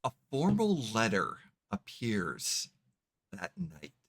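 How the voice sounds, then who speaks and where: Role: game master. Sex: man. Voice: bright and forward. Pace: slow. Sound: dry, close. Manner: halting narration. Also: medium pitch, huge pitch swings, vocal fry, husky, no room sound. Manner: halting, searching for words while narrating.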